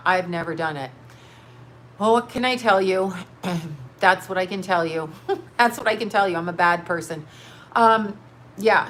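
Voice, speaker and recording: A woman's voice: fairly low pitch, fairly bright tone, slight background noise. Blunt, profane woman ranting on a livestream. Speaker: livestream host reading chat comments. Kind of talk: casual livestream rant. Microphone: webcam or phone mic.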